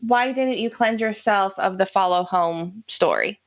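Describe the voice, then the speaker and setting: A woman's voice: medium pitch, unhurried, lo-fi sound. A woman co-hosting a casual live stream, passing viewer questions to a guest in a hesitant way full of ums.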